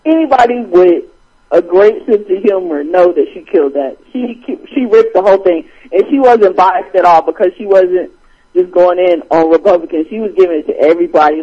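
A man hosting a casual podcast chat, animated and quick to laugh. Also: high voice, breathy edge. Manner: animated, laughs often while retelling jokes. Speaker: podcast host. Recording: dull lo-fi recording.

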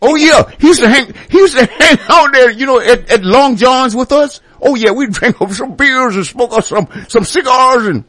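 A man's voice: very high voice, animated, normal speed, few pauses, fairly bright tone, heavily acted. A man putting on a drawling old country good old boy. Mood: folksy. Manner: chuckling while drawling. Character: drawling old rural white man, folksy.

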